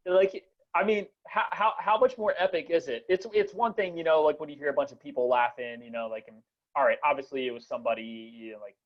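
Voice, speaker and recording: A man's voice: a little high, quick pace. Young man rambling on a lo-fi podcast. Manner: rambling, many fillers and restarts, laughs often. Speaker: podcast host. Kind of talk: casual chat.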